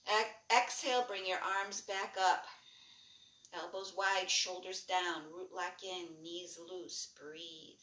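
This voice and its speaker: Woman coaching a breathwork class, bright voice, kinda far from the mic in an echoey room. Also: fairly low pitch, slow pace. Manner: calm, rhythmic cueing, mostly soft with brighter bursts. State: lightly breathless while jumping. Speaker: breathwork instructor. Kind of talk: guided movement and breathing class.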